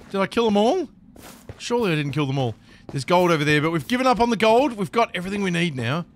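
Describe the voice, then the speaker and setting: A man commentating live gameplay, excitable and chattering to the creatures in his game. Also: high voice. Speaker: gaming streamer.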